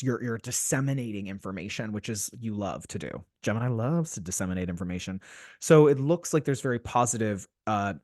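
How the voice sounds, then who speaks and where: A man's voice: fairly low pitch, no echo, studio quality. A man giving a weekly horoscope reading, chatty and playful, with lots of fillers and restarts. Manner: chatty and playful, with frequent fillers and self-corrections. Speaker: astrologer. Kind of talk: weekly horoscope video talk.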